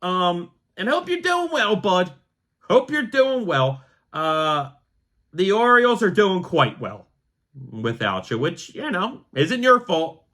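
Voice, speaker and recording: A young man from the Philadelphia area talks through his solo podcast in a loose, chatty way. His voice sits high and swings widely in pitch. The tone is bright and forward, with animated storytelling. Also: takes it slowly. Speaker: podcast host. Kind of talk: casual solo podcast talk.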